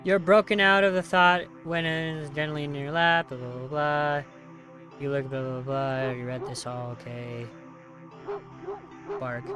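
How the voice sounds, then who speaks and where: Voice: mid-range voice, little pitch movement, unhurried, music in the background. A gamer narrating a text horror game, reading its lines aloud, skimming with sarcastic asides and mock outrage at the choices. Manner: sarcastic, skims text with "blah, blah"; reads choices then reacts with mock outrage. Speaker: video game player.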